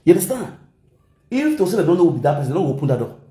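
A man with a Nigerian Pidgin English accent giving animated gossip commentary, switching languages and mimicking people. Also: on the high side, very fast, roomy sound. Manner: animated, mixes Pidgin and Yoruba, shouts and mimics. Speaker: gossip vlogger. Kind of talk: excitable commentary vlog.

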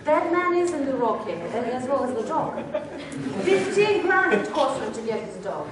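A woman's voice: high voice, sing-song, moderate pace, a faint crowd, slight background noise. A woman presenter at a workshop, telling a motivational story with lots of restarts and acted-out quotes. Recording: very echoey hall, distant mic.

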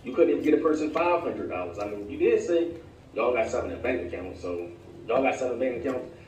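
A man's voice: medium pitch, lively intonation, fast, darkish tone, recorded from a distance. A man gives casual commentary in a dismissive, sarcastic tone. He sounds set back from the mic in an echoey space, with a faint hiss behind him. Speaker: YouTube commentator in a played clip.

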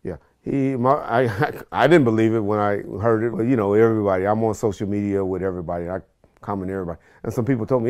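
A man excitedly retelling what was said to him, in rapid bursts. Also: lowish voice.

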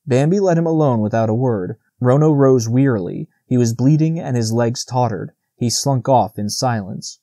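A man narrating a classic children's novel as an audiobook in a steady, measured reading. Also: mid-range voice, no echo, clean studio sound. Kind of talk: scripted narration.

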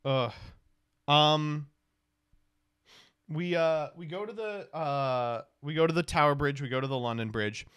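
A man's voice: fairly high pitch, a little slow, pauses often, a bit bright, smooth, no room sound, studio quality. Rambling, profane man telling a story. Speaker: law student and streamer. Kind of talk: casual storytelling recap.

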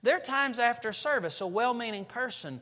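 A pastor preaching a sermon in a church, telling stories and building to loud, emphatic passages. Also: male voice, very high-pitched, animated, normal speed. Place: church sanctuary. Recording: long reverb of a church hall.

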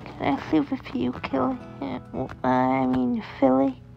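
A woman's voice: high-pitched, steady tone, slow pace, vocal fry, voice pushed up, exaggerated voice. A woman voicing a frightened little boy with a small, pleading, whimpering voice. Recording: dull lo-fi audio with faint music.

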